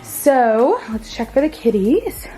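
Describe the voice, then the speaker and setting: A woman's voice: a little high, big pitch swings, slow, over music. A woman vlogging casually on her farm, bubbly and chatty, talking to the camera about feeding her animals. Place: outdoors on a farm, then a feed shed.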